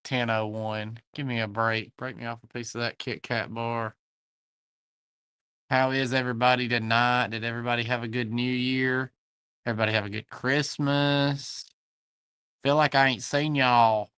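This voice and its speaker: Running a livestream antique sale from his shop, a Southern US man reads viewer comments and welcomes people by name in a folksy way. His mid-range voice is a bit bright and smooth, with no room sound.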